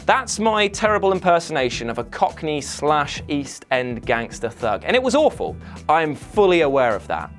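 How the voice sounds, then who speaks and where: A man hosting a comedic gaming countdown, full of sarcastic jabs. His pitch is lively and rises and falls a lot. A faint music bed plays underneath. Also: normal speed. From Britain. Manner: sardonic, lively, jokey. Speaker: gaming video host.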